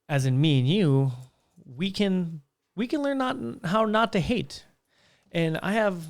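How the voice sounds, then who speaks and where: A young man hosting a casual solo podcast from a small curtained room, telling stories in a rambling way with frequent restarts. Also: on the high side. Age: young adult. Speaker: podcast host.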